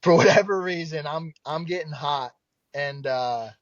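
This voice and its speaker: A young man from South Jersey, a baseball pitcher guest, telling stories in a lively, profane way and acting out quoted voices. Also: measured pace, no echo. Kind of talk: casual storytelling. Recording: dull dry podcast mic.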